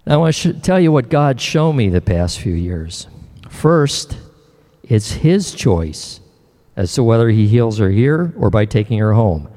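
An older man preaching a sermon as pastor, earnest and emotional, often pausing and restarting his words. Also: fairly low pitch, sing-song, dark tone, big-room sound.

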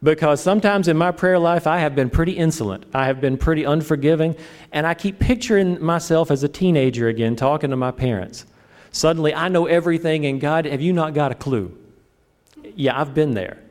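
A middle-aged man preaching a sermon, animated and joking, acting out his own prayers. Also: a little high, brisk. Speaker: pastor.

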